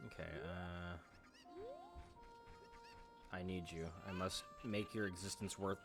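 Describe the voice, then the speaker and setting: Low-voiced profane gamer man. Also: fairly even intonation, slow pace, long pauses, a bit bright, faint music behind. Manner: profane, wisecracking. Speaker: let's play gamer. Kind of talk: casual gameplay commentary.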